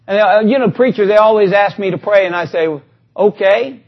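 High-voiced preacher, animated sermon. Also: male voice, a little fast, dull audio. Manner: animated, conversational preaching with quoted scripture.

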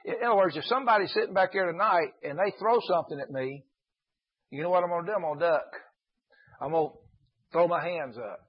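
Husky guy preaching a sermon, kinda high voice, muffled lo-fi church tape. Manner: preaching with slowed emphasis on scripture, rhetorical questions. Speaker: pastor. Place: church service.

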